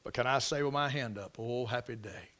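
A man preaching a sermon, telling the story dramatically and swinging from loud exclamations to near whispers. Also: mid-range voice, fairly quick.

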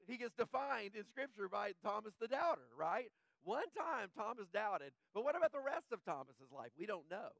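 A man with a high, light voice delivers a conversational sermon, often asking his listeners "right?" as he goes. He sinks soft and low when he dwells on sorrow. The sound is dry and close, with no room echo. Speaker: pastor.

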